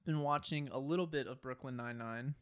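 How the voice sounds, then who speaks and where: A young man co-hosting a podcast, chatting casually with wry jokes and quick asides. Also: mid-range voice, fairly bright tone, clean tone. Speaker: podcast co-host. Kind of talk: casual chat.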